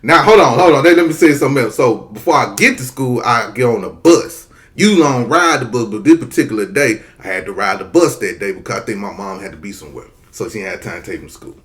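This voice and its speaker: A man in his thirties telling a childhood story in a casual, profane, animated way. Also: medium pitch, quick pace, hardly any pauses. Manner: animated, profane, acts out voices.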